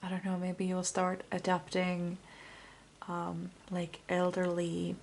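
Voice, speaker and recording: A young woman giving an intuitive pick-a-card tarot reading, speaking softly and often half-whispering, rambling with lots of fillers. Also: on the low side, completely flat delivery, takes it slowly, gravelly, slight background noise.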